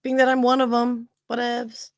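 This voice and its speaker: A woman's voice: mid-range voice, brisk. A woman co-hosting a talk show, chatting casually with jokes and slang. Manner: joking, slangy. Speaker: co-host. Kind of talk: casual chat.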